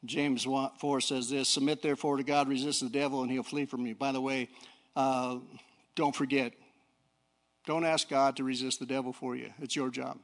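A middle-aged male preacher giving a folksy sermon, swinging from low talk to fiery shouting. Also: little pitch movement, moderate pace. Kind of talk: sermon with personal story.

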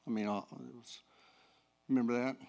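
A middle-aged male preacher giving a folksy sermon, swinging from low talk to fiery shouting. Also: steady tone, normal speed. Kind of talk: sermon with personal story.

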